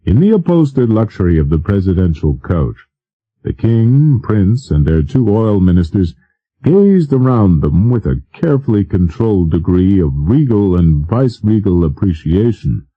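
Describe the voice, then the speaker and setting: A man narrating an audiobook in a measured, formal reading style. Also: fairly low pitch, very animated, lo-fi sound. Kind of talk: scripted narration.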